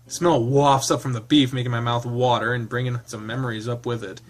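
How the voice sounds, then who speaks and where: A man with a mid-range, level voice narrates a visual novel aloud at a fairly quick pace. He breaks off into loose, chatty commentary, laughing along with the jokes and swearing in his asides.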